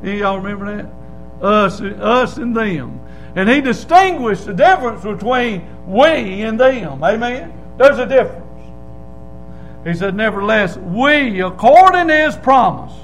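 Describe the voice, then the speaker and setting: A preacher with a notably high voice delivers a fiery sermon in a church. He drops into quiet asides, then climbs into loud hollering. Faint music plays behind him. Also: expressive, a little slow, rough recording. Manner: hollering, swings from low asides to loud shouts. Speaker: Baptist preacher.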